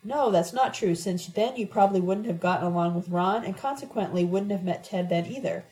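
A woman reading an audiobook gives voice to a sharp-tongued young woman who talks in a mocking, cryptic way. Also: mid-range voice, fairly quick, natural voice, poor audio. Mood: lecturing. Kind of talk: audiobook character voice.

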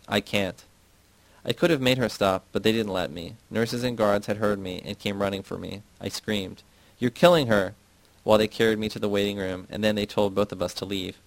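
A man reading a novel aloud, voicing the characters' shouted lines with rising intensity. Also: fairly low pitch, no room sound, rough recording. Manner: acts dialogue with raised, shouted lines. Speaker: audiobook narrator.

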